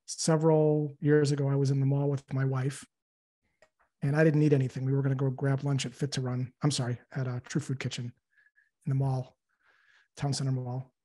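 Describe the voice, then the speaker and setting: A man's voice: medium pitch, monotone, a little fast, warm tone. A man who works as a sales coach, a guest telling a story and acting out the dialogue in his answer.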